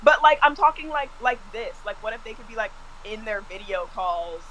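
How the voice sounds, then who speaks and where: A woman co-hosting a casual chat show, excitable and filling her talk with "like". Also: fairly high pitch, normal speed, low-quality recording. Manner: excitable, heavy use of "like". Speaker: podcast co-host.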